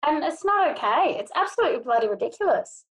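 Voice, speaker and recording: A woman's voice: high voice, big pitch swings, quick pace. A woman co-hosting a podcast, chatting casually in an exasperated way and laughing easily. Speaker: podcast co-host.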